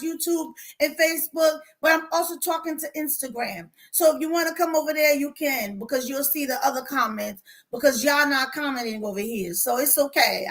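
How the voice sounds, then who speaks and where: A woman life coach speaking on a livestream to her viewers, animated and preachy. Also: high-pitched. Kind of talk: livestream motivational talk.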